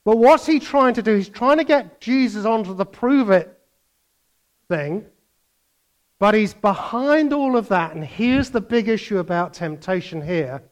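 Animated older male preacher. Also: high voice, unhurried. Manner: animated, mimics voices, swings between loud bursts and quiet asides. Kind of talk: sermon.

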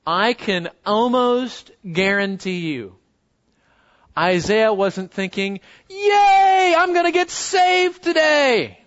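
Male pastor, high-pitched, emphatic sermon delivery with dynamic drops, muffled lo-fi church recording. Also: a bit bright. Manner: emphatic, rising and dropping to near murmurs, rhetorical questions. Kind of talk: expository sermon.

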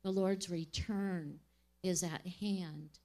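A woman's voice: lowish voice, fairly even intonation, a little mellow. A woman church member speaking an earnest prophetic exhortation during a church service. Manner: slow and earnest. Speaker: church member sharing a word.

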